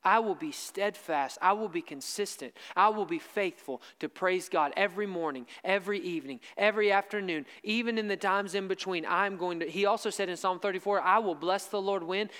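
High-voiced man preaching in a hall. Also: a bit bright, smooth. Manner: emphatic, repeats key lines slowly for stress. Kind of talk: sermon.

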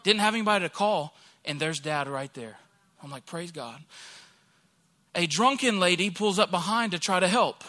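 This man, a pastor from Alabama in his thirties, delivers his sermon through an animated story from his own life, voicing each person he quotes. He speaks briskly, his voice sitting high.

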